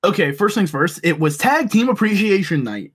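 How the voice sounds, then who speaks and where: A man co-hosting a podcast in casual chat, relaxed and recapping with amused asides. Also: high voice, moderate pace, slightly rough. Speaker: podcast co-host.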